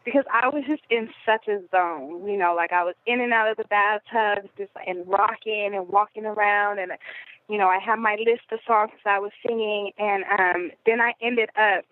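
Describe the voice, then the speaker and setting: A woman's voice: medium pitch, fairly even intonation, moderate pace, a little hiss or hum. Woman on a tinny phone line. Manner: rambling, with many fillers and "you know". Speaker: guest telling her birth story. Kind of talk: conversational podcast interview. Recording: phone-like narrow audio.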